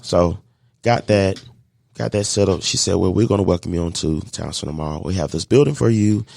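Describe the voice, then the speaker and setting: A man telling a lively story of faith and business, acting out the voices of the people in it. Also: low-pitched, fairly quick, gravelly. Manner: animated storyteller acting out dialogue, faith-filled. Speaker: guest, catering business owner. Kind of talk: storytelling in a podcast interview.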